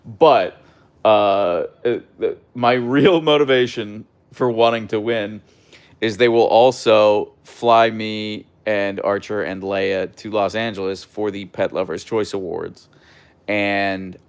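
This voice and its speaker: A young man hosting a casual livestream, chatting and reading out viewer comments in a relaxed way. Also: lowish voice, slow, clean tone. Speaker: livestream host reading chat. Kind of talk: casual live chat.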